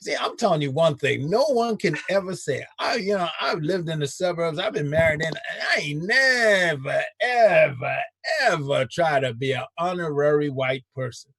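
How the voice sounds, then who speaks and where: A male host in a casual chat, animated and ranting, who stretches his words for emphasis. His voice sits high and bright with a husky edge. The recording is dry and close. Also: moderate pace, few pauses, no echo.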